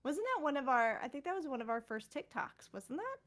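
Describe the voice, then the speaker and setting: Woman cohost teasing her partner, higher voice, bouncy and lively. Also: fairly quick, crowd noise. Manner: teasing, playful. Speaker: podcast co-host. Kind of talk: casual chat.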